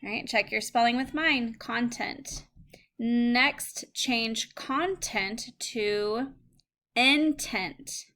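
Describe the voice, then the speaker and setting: Bright-voiced woman teacher dictating words. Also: fairly high pitch. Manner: slow, clear word-by-word dictation. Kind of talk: recorded phonics lesson.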